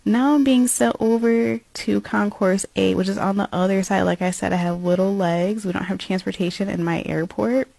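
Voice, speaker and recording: A woman's voice: medium pitch, fairly even intonation, moderate pace, creaky, few pauses, dark tone, no room sound. A young woman, an airport gate agent, chattily narrating her workday in a casual vlog voiceover. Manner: chatty, walking through her workday step by step. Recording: faint music behind.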